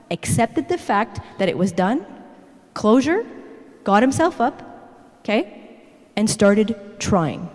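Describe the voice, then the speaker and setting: A woman giving a lively, chatty church talk, constantly checking in with her listeners with "okay?". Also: high voice. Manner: animated, chatty, tags "okay?" after every point. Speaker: guest speaker. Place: church sanctuary. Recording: echoey church hall.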